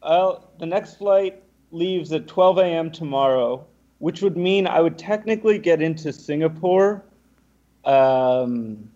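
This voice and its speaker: A young man, a podcast guest, telling a lively anecdote and acting out what the other people said. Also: on the high side, takes it slowly, muffled recording. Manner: animated, acts out the other people's lines. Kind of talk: casual storytelling.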